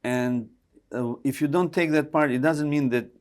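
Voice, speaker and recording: A man's voice: mid-range voice, normal speed. A man from Albania with an Albanian accent, chatting as an interview guest, laughing often and restarting his sentences. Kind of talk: casual interview conversation.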